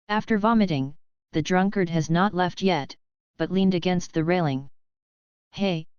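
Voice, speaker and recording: A woman reading an audiobook novel aloud in an even, steady scripted narration. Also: on the low side, clear, resonant tone, no room sound, muffled recording.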